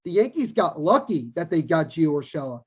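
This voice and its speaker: Husky-voiced man ranting about sports. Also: fairly high pitch, sing-song, brisk. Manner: emphatic, repeats points for stress. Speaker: podcast co-host. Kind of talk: opinionated sports podcast talk. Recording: dull lo-fi recording.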